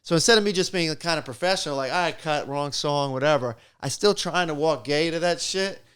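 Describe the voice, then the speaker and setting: A middle-aged man, a stand-up comic, telling animated stories in a casual chat and acting out the voices in them. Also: a little high, fairly quick, clean tone.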